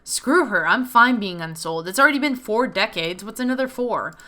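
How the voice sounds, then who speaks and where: A woman's voice: medium pitch, animated, moderate pace, sharp tone. A woman reading the lines of a blunt, sarcastic man in his forties from a game. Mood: dismissive. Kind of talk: reading game dialogue aloud.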